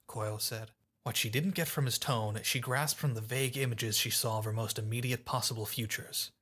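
A man narrating a fan audiobook in a steady, even storytelling manner. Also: fairly low pitch, a little fast, slightly rough.

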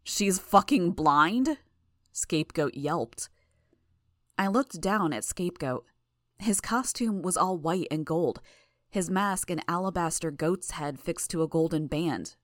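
A woman reading a first-person audiobook in a measured, even way. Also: sits low, no echo, clean studio sound. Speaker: audiobook narrator.

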